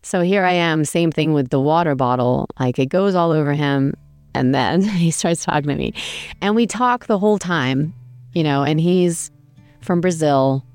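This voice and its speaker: A woman's voice: low-pitched, moderate pace, darkish tone, clear, resonant tone, dry recording, faint music behind. A woman casually telling a travel story, chatty and self-deprecating, with many fillers.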